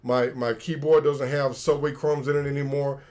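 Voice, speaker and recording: A man's voice: medium pitch, little pitch movement, moderate pace, a little mellow. A middle-aged man, a retired soldier, tells stories casually on a livestream and acts out the quoted dialogue. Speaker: retired special forces soldier, guest.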